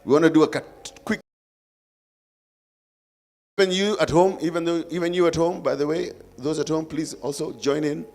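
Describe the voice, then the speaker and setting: A man's voice: a little high, normal speed, long pauses, darkish tone. A man with a Kenyan accent hosting a live forum, coaxing and playful with the audience. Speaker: event host.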